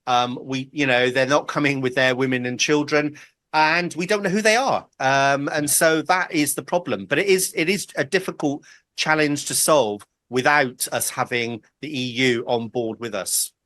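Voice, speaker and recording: Blunt man, bright dry voice. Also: mid-range voice, moderate pace, dry recording. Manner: blunt, opinionated, many ums. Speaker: panel guest, fellow show host. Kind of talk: panel news debate.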